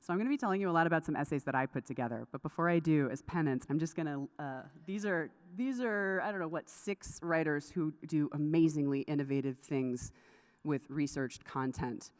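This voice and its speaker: A woman's voice: sits low, fairly quick. A woman giving a craft lecture at a conference, chatty and prone to laughing asides. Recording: lecture hall with long reverb.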